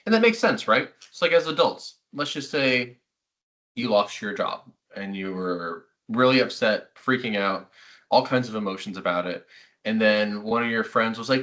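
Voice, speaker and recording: A man's voice: lowish voice, moderate pace. A middle-aged man, a therapist, giving a conversational webinar talk to parents and acting out quoted remarks. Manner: conversational, animated, acts out quotes. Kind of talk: webinar presentation.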